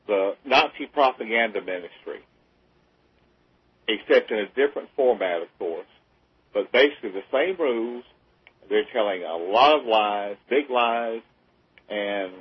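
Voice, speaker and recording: A man calling into a radio show as a guest, speaking in an earnest, measured way with pauses. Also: lowish voice, breathy edge. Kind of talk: casual radio talk. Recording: tinny phone line.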